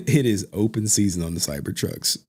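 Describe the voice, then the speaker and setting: A man's voice: on the low side, expressive, moderate pace, darkish tone, slightly rough. A man who streams reaction videos, chatting casually in loose slang and laughing often between remarks.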